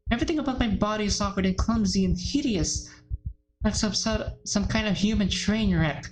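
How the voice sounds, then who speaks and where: A woman's voice: medium pitch, brisk, low-quality recording. Woman reading a visual novel, reacting emotionally. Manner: emotional, gasping and swearing in shock between read passages. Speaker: let's play host.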